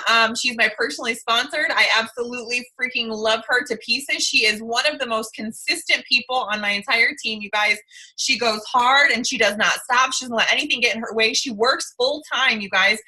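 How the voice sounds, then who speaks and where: A woman's voice: a little high, sharp tone, low-quality recording. A tearful woman leading her sales team call, gushing and effusive with lots of "like" and "you guys". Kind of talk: gushing motivational talk.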